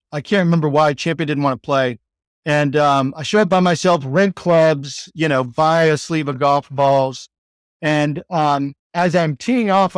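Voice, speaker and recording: A man's voice: a little high, clear, resonant tone, no room sound, studio quality. A man with a Texan accent, a podcast guest telling a story in a loose, rambling way full of "like" and "you know". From Texas, United States. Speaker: podcast guest, sales executive. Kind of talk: casual storytelling interview.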